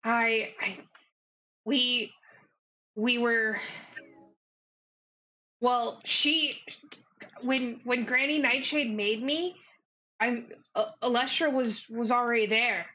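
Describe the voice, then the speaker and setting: A woman narrating as game master, often pausing and restarting. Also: a little high, sharp tone, dull audio, a little hiss or hum. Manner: hesitant, many restarts.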